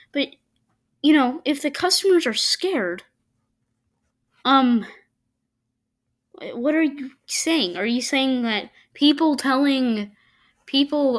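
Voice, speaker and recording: A woman commenting on clips in a casual, argumentative way. She speaks slowly and a little high, often stopping and starting over mid-sentence. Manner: halting, argumentative, many restarts. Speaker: video commentator.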